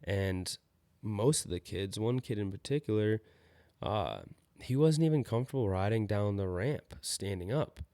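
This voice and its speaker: A young man talks loosely on his own podcast, with a low voice and a gravelly edge. He rambles, sometimes loses his train of thought, and sounds a bit tired. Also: lively intonation, normal speed, warm tone. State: tired, yawning. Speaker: podcast host. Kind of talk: casual solo podcast talk.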